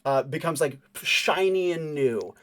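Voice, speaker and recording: A man's voice: fairly high pitch, animated, a little slow, a bit bright. A man running a tabletop game as game master, narrating loosely with lots of fillers and laughing along.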